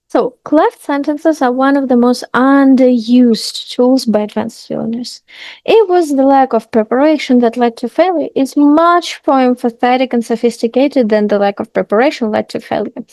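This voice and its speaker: A woman's voice: high-pitched, creaky, mellow, no echo. A woman teaching an English lesson, reading out terms and example sentences with brief comments. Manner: reads vocabulary and example sentences aloud, pauses to comment. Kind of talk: language lesson.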